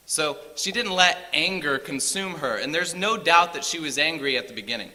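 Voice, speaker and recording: A man's voice: a little high, moderate pace, hardly any pauses, pushed and bright, in a large hall. A man preaching a sermon in a church, retelling a scripture story with rising emphasis.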